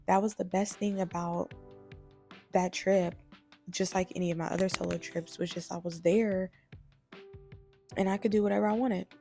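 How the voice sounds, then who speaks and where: A young woman vlogger chatting casually about a trip, talking in a lively way with lots of fillers. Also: on the low side, creaky. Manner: chatty, animated, many "like"s. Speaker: travel vlogger. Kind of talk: casual storytelling vlog.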